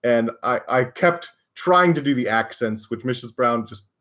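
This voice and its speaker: A man's voice: medium pitch, lively intonation, normal speed, fairly bright tone. American guy doing a laid-back live stream q&a, rambly and self-deprecating, laughs a lot. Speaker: maker and live stream host.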